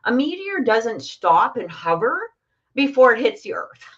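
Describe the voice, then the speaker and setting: A woman's voice: a little high, big pitch swings, measured pace, fairly bright tone. A middle-aged woman telling a personal story in a casual, chatty way, full of fillers and restarts. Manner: chatty, many fillers and restarts, laughs often. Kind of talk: casual storytelling on a live stream. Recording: muffled lo-fi stream audio.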